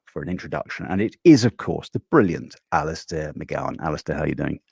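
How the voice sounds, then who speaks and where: A man hosting a live stream, rambling a little with many ums and restarts, animated and quick to laugh. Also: rumbling low, vocal fry, breathy edge, no room sound. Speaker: host.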